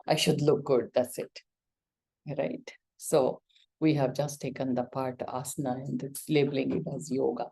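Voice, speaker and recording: Low-voiced Indian woman teaching. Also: little pitch movement, moderate pace, gravelly, warm tone, slightly rough. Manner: questioning, coaxing, acts out examples. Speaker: yoga and Ayurveda teacher. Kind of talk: explaining lesson to a student.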